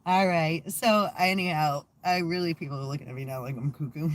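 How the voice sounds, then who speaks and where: A woman's voice: deep voice, expressive, unhurried, pauses often, slight background noise. A rambling, sarcastic, cursing woman. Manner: profane, sarcastic, laughs a lot; trails off with many fillers and restarts. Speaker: channel host. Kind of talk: casual rambling vlog chat.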